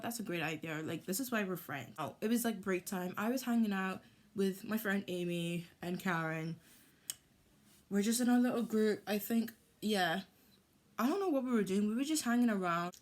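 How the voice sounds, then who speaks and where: Woman, storytime vlogger, animated, indignant retelling. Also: mid-range voice. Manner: animated, heated retelling with lots of "like". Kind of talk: storytime vlog.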